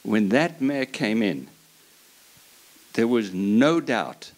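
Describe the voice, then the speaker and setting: A man with a very low voice tells a personal story to a live audience. He talks earnestly and passionately, often starting sentences over as he goes. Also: sing-song, extremely slow. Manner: earnest and passionate, with frequent restarts. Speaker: horse breeder on a panel.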